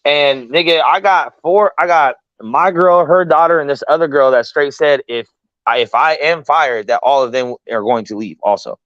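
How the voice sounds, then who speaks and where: A man hosting a casual talk show, telling a story in an animated, profane way and acting out the voices of the people in it. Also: fairly high pitch, normal speed, no room sound, highs cut off. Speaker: podcast host.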